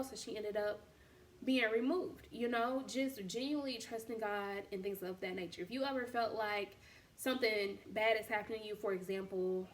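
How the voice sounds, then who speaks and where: A woman's voice: mid-range voice, a little hiss or hum. A woman hosting a casual faith talk, speaking candidly in slangy, storytelling fashion. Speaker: podcast host and boutique owner.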